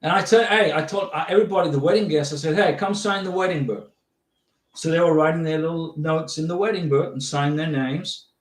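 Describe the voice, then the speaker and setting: In an echoey space, a middle-aged man streams live, fielding viewer questions about visas in a friendly, reassuring tone. His slightly high voice races along with hardly any pauses, and he tends to repeat and restart his sentences.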